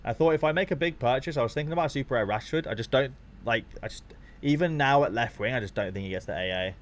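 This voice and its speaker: A young man chatting casually to his viewers on a live stream while watching football, swearing freely and getting excited. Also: medium pitch, quick pace.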